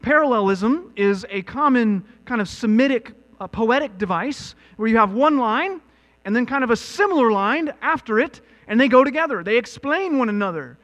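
A man preaching a sermon as pastor, animated and building to emphatic peaks. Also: very high-pitched, normal speed. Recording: long reverb with mains hum.

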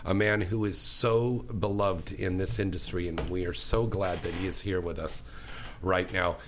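A man's voice: low voice, steady tone, normal speed, a little hiss or hum. Effusive talk radio host, a man. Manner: effusive, chatty, enthusiastic. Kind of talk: casual talk radio hosting.

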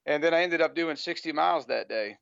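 Brisk and rambling, an American podcast guest chats casually in an interview, frequently inserting "you know." His voice is smooth, clean, slightly elevated in pitch, and a bit bright. Audio is dull and lo-fi like a remote call, with a dry, close recording.

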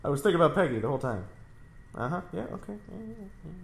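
A man's voice: on the high side, big pitch swings, very fast, creaky. Guy riffing and laughing over a game, bouncy voice, echoey room. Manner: playful, laughs often, riffs on the scenes. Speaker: game player. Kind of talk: joking let's-play banter.

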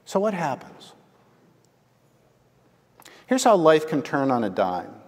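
Animated preacher in a reverberant hall. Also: male voice, on the high side, slow pace, husky. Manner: conversational, animated, asks the congregation "right?". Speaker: pastor. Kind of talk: sermon with storytelling. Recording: long reverb from a large hall.

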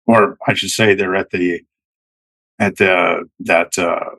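Husky, halting middle-aged man. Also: low voice, fairly even intonation, sharp tone, dry recording, low-quality recording. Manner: halting, many restarts and repeated words. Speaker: guest, retired Army Green Beret. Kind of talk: casual storytelling.

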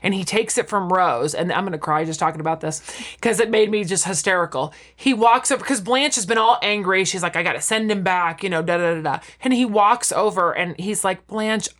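A woman's voice: fairly low pitch, a little fast, few pauses. A woman chatting casually as a podcast co-host, retelling scenes with acted-out quotes and frequent laughter. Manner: animated storytelling, acting out quotes, laughing often. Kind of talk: casual chat about a TV show.

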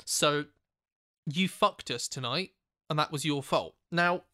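A man spins a rambling, sweary anecdote on a podcast. His voice is bright and forceful and sits a little high, recorded dry and close in a studio. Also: measured pace, no room sound. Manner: animated, sweary anecdote telling. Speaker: podcast co-host. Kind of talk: casual storytelling chat.

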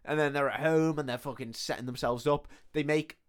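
A man's voice: on the high side, brisk. A man co-hosting a podcast, recapping a film plot in casual, sweary chat and acting out the characters' lines. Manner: sweary animated retelling with quoted voices. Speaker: podcast co-host.

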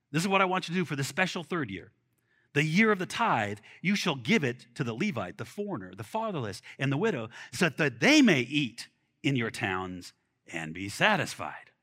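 A man preaching a sermon in an animated, conversational way, with bursts of excitement. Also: on the high side. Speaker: pastor.

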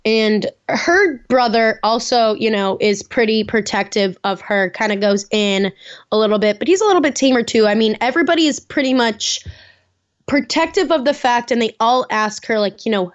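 A woman's voice: fairly high pitch, moderate pace, muffled recording. A woman co-hosting a podcast, chatting casually about a reality show with lots of "like" and "you know" fillers. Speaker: podcast co-host. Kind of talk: casual chat.

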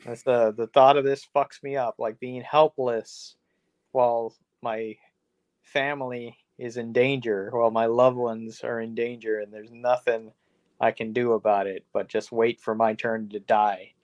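Brief: male podcast co-host, mid-pitched, casual, rambling, swears a lot. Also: level tone, unhurried, darkish tone. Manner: rambling, profane, self-deprecating.

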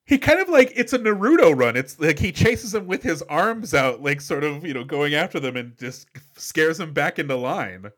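A man co-hosting a casual movie podcast, answering with wry, deadpan one-liners. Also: a little high, normal speed, hardly any pauses. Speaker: podcast co-host. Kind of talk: casual movie-review chat.

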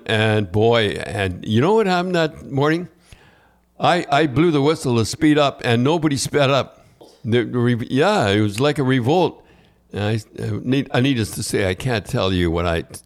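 A man's voice: medium pitch, lively intonation, normal speed. An older man hosting a podcast, telling long, rambling anecdotes full of restarts and repeated words. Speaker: podcast host. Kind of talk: casual storytelling chat.

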